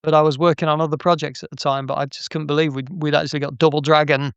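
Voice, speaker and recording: A man's voice: fairly high pitch, level tone, fast talker, clean tone, no room sound, muffled recording. A middle-aged man, an interview guest, telling anecdotes in a chatty way with frequent restarts and laughs. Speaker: interview guest, game artist. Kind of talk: casual interview storytelling.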